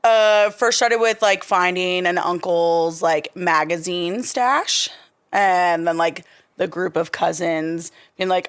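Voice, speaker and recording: A young woman speaks as a podcast guest, telling her own story in a frank, soft-spoken way with plenty of fillers. Her voice sits a little low for a woman. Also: fairly even intonation, slow pace, smooth. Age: young adult. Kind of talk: personal storytelling interview.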